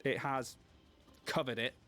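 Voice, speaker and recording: A man's voice: medium pitch, steady tone, measured pace, bright, forceful tone, faint music behind. Chatty self-mocking man hosting. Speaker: host. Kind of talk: casual chat while painting miniatures on a livestream.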